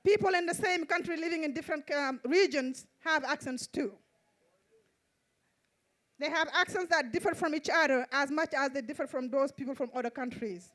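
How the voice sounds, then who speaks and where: A woman with a Mauritanian accent, a native Fulani speaker, reciting a spoken-word poem in a measured, rhythmic way on an outdoor festival stage. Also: high-pitched, fairly bright tone. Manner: measured, repetitive rhythmic delivery. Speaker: poet and event host.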